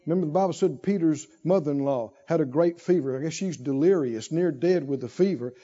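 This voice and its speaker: Male preacher, high and animated, slow drawling emphasis, shouted peaks, dull recording. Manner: animated, swings from low asides to loud shouted climaxes; drawls emphatic phrases slowly. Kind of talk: sermon.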